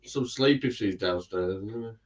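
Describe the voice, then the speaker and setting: A man's voice: on the low side, moderate pace, dull audio. Offhand man chatting beside the host. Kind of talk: casual chat.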